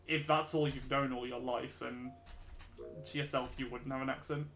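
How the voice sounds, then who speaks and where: British guy, Midlands-Scouse mix, streaming chat, bright tone, roomy echo with faint music. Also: mid-range voice, little pitch movement, normal speed. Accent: mixed English, Midlands and Scouse. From Britain. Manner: chatty, loose, laughs easily. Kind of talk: casual chat while drawing on stream.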